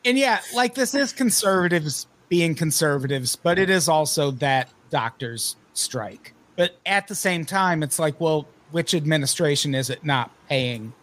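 A man hosting a casual comedy podcast, reading news with wry, deadpan asides. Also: a little high, unhurried, few pauses. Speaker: podcast host.

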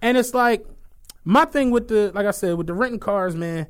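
A young man hosting a podcast, telling stories in a casual, animated and profane way. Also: high-pitched, normal speed, clean tone. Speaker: podcast host. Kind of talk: casual chat.

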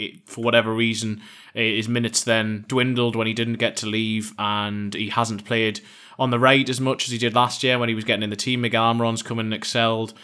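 Fast, flat-voiced male football writer. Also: medium pitch. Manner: analytical, steady explanation. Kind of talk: casual podcast discussion.

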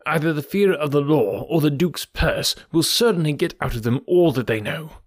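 A man voicing an agitated, eager male schoolmaster who speaks in excited exclamations. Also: fairly high pitch, moderate pace, no room sound, clean studio sound, pitched above the performer's own voice, natural voice.

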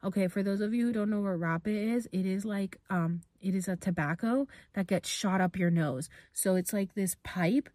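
A young woman casually telling a personal story on her podcast, full of "like" and animated bits where she acts out her own panicked reactions. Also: medium pitch, moderate pace, few pauses, dry recording, studio quality. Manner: heavy use of "like", informal swearing. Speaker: podcast host.

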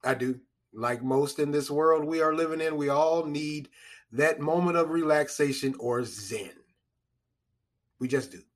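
A man's voice: a little high, a little slow. Chatty man hosting a podcast. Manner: rambling, repetitive, chuckling asides. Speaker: podcast host. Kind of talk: casual solo podcast monologue.

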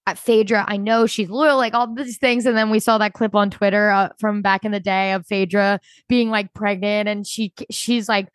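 A woman co-hosting a casual podcast chat, retelling scenes in an animated way and laughing often. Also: mid-range voice, moderate pace, no room sound. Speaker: podcast co-host.

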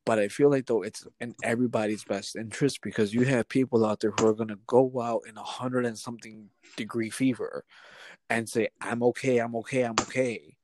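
A man's voice: medium pitch, steady tone, a little fast, background noise. A man co-hosting a casual podcast chat, talking earnestly and hedging a lot with "like". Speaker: podcast co-host.

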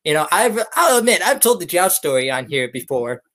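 Podcast host; relaxed interview chat; lively, varied pitch. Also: fairly quick. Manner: affirms with frequent mm-hmms.

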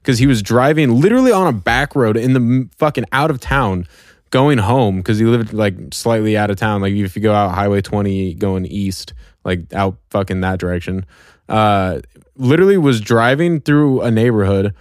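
A man's voice: lowish voice, moderate pace, no echo, clean studio sound. A young man in casual podcast chat, laid-back and profane, drawing out his reactions.

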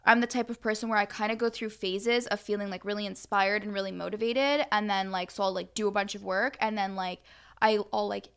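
A young woman co-hosting a podcast, chatting in a relaxed, rambling way. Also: mid-range voice, a little fast, clear, resonant tone. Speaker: podcast co-host. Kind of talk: casual chat.

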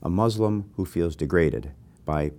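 An older man hosting a conversation, telling animated, self-deprecating anecdotes. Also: deep voice, measured pace. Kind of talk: conversational interview.

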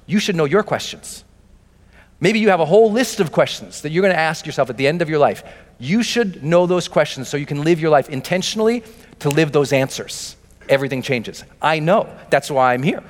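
A man giving a motivational seminar talk, emphatic and driving, building to shouts in repeated rallying phrases. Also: fairly high pitch, animated, fairly quick. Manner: emphatic, rising to shouts, repetitive rallying cadence. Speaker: motivational speaker. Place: large seminar hall with audience. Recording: echoey hall reverb with faint music.

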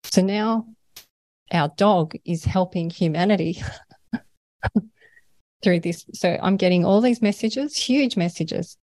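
A woman's voice: lowish voice, warm tone, dry recording. An Australian woman, a guest in an interview, talking earnestly and at length about her experiences, often laughing between thoughts. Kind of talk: conversational interview.

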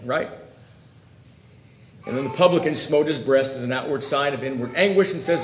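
A man preaching a sermon, emphatic, swinging between loud declarations and quiet, confiding asides. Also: fairly high pitch, expressive, fairly quick, roomy sound.

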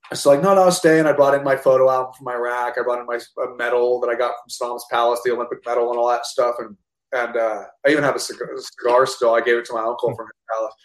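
A man, a guest actor, telling a story in casual chat, animated and profane with lots of restarts. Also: medium pitch, fast, roomy sound, low-quality recording.

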